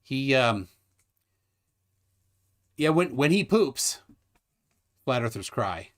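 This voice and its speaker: A man hosting a casual live stream, joking and rambling with lively, laughing delivery. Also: medium pitch, slow. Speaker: livestream host. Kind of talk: casual livestream chat.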